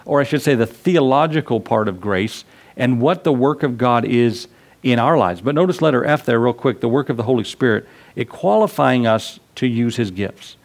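A man's voice: expressive, normal speed. Emphatic male preacher teaching scripture. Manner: emphatic, rising pitch for emphasis, scripture reading. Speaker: pastor. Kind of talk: sermon teaching.

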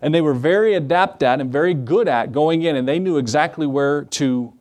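A man's voice: fairly high pitch, a little fast, a little mellow. A man in the role of pastor, preaching a sermon in a church, conversational, with asides and questions to the congregation. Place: church sanctuary.

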